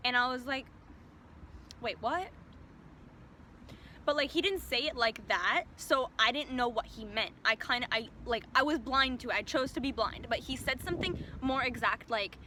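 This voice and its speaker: Young woman vlogger, higher-pitched and bright, chatty storyteller who says "like" constantly. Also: fairly quick, hardly any pauses, a little hiss or hum. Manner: chatty, peppers speech with "like". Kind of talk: casual storytime.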